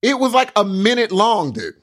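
A man's voice: high-pitched, big pitch swings, normal speed, fairly bright tone. A man in casual comedic banter, playful and teasing.

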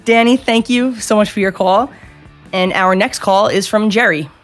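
A woman's voice: mid-range voice, moderate pace, soft background music. Blunt, swearing woman podcast host. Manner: blunt, opinionated, swears freely. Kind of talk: casual podcast chat.

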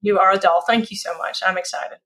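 A woman's voice: medium pitch, steady tone, brisk. Lady on a podcast, folksy and emphatic, says things twice for punch. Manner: folksy, emphatic, repeats phrases for effect. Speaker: podcast guest, speaker. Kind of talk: casual interview chat.

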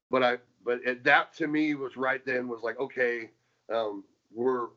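A man and former wrestler, telling stories from his career in a casual interview, rambling with many restarts and fillers and getting animated as he retells things. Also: on the low side. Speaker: former pro wrestler, guest. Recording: dull lo-fi sound.

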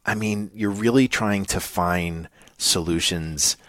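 A very low-voiced man with a New England accent talks through a podcast conversation. He is earnest and meandering, full of fillers and restarts. The sound is close and dry. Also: slow, fairly bright tone, dry recording. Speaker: podcast co-host.

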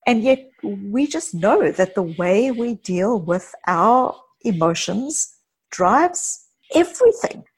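A middle-aged woman with a slightly husky, breathy voice, speaking as a guest psychologist on a podcast. She talks in an animated, storytelling way, weaving in anecdotes and quoted lines. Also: medium pitch, slow pace. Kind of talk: conversational podcast interview.

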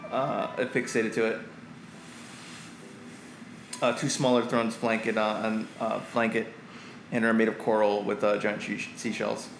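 A man narrating as game master of a tabletop game, often pausing and correcting himself. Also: lowish voice, level tone, vocal fry. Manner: halting, lots of fillers and self-corrections. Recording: echoey room, faint music.

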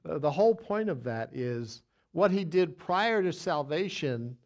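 A man's voice: on the high side, a little mellow. A man, a pastor, teaching a Bible study in a conversational, folksy way, telling an illustration with frequent restarts and dry asides.

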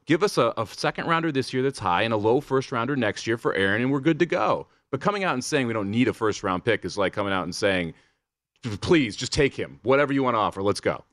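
Man, sports co-host, lively pitch, dry close sound, emphatic. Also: quick pace, dry recording. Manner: emphatic, rising into exasperated questions. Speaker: sports betting show co-host. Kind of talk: casual sports radio banter.

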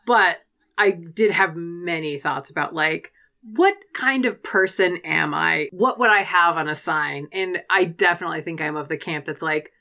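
A young adult woman co-hosting a podcast in casual chat, animated and sweary, laughing often. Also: on the low side, moderate pace. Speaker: podcast co-host.

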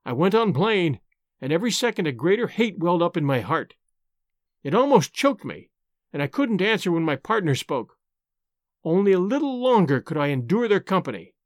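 A man narrating an adventure story with expressive, dramatic delivery. His voice sits fairly high and swings widely in pitch. The sound is dry and close, with no room echo. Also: normal speed. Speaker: audiobook narrator and host.

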